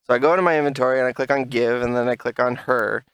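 A man co-hosting a casual podcast, telling stories with energy, acting out quotes, swearing and rising into shouts. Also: medium pitch, racing, clear, resonant tone, no echo. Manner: animated storyteller, acts out quotes, swears, rises to shouts. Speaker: podcast co-host. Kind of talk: casual chat.

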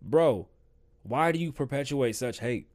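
A man hosting his own show, ranting his opinions heatedly and swearing constantly, swinging between loud outbursts and quiet stretches. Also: medium pitch, expressive, unhurried. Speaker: show host. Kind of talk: profane opinion rant.

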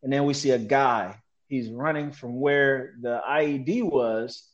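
A man telling a story as a guest in an interview, animated and slangy, mimicking sounds as he relives events. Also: medium pitch, unhurried, highs cut off. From United States. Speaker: guest, military veteran.

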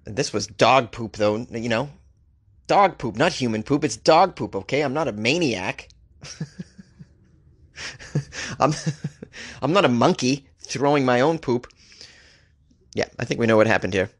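A man's voice: medium pitch, expressive, unhurried, long pauses. A man hosting a comedy podcast, reading odd news stories aloud and riffing on them sarcastically, laughing at his own jokes. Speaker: podcast host. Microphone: studio microphone.

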